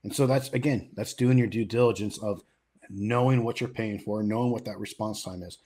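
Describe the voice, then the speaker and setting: A man's voice: on the low side, a little fast, dark tone. A middle-aged man from the US West Coast co-hosting a podcast, talking casually with frequent fillers and restarts. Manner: conversational, many fillers and restarts. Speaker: podcast co-host. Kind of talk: casual chat.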